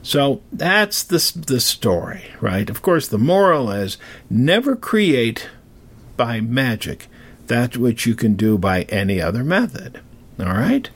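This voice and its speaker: Gravelly, animated male storyteller. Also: mid-range voice, slow pace. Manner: digressive, animated, chatty asides. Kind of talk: casual spoken storytelling.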